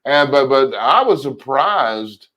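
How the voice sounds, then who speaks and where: A man co-hosting a casual political chat, telling long rambling stories with animated asides. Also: mid-range voice, slow. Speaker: co-host.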